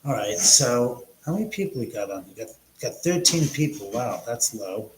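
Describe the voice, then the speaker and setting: A man's voice: mid-range voice, lively intonation, moderate pace, slight background noise. A middle-aged man hosting a casual livestream from his house, rambling and correcting himself as he tells stories. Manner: rambling, self-correcting storyteller. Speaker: livestream host. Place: house, indoors. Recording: echoey room.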